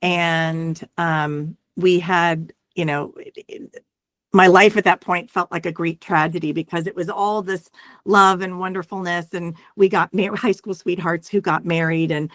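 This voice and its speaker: A middle-aged woman telling her story as an interview guest, reflective and halting, often restarting and checking in with "right?". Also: fairly low pitch, fairly even intonation, no room sound. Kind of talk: conversational interview.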